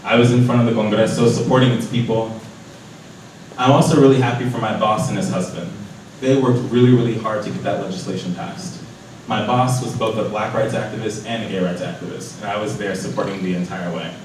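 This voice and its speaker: A young man reading his diary entries aloud to a live audience, lively, putting on voices for the people he quotes. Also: on the low side, fairly quick, a little hiss or hum. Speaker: storyteller at a live event. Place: large echoey hall. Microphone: distant from the microphone. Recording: echoey hall from far off.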